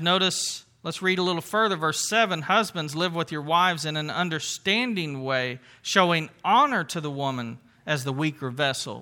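Pastor, male, high voice, earnest sermon delivery, leans on repetition. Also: pushed and bright. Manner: earnest, repeats phrases for emphasis, reads scripture aloud.

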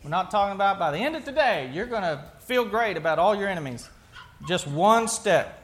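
A man's voice: sits high, expressive, brisk, fairly bright tone. A male pastor giving a sermon in a conversational way, asking the congregation questions and often restarting his sentences.

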